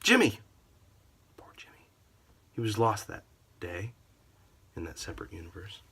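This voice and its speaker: A man's voice: fairly low pitch, sing-song, normal speed, sharp tone, husky. A man telling a comic story about a customer in a sarcastic, theatrical way. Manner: theatrical, sarcastic, wildly varied delivery.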